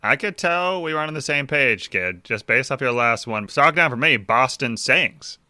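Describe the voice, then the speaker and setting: A man's voice: medium pitch, expressive, normal speed, bright, forceful tone, no echo, clean studio sound. A man co-hosting a book podcast who teases his friend and argues for fun. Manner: teasing, mock-argumentative. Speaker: podcast co-host. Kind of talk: casual book-club chat.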